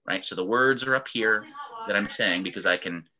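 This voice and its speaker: Bright-voiced man teaching an online class. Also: lowish voice, moderate pace. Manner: animated, acts out example sentences in varied tones. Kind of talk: online class lecture with screen share. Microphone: video call.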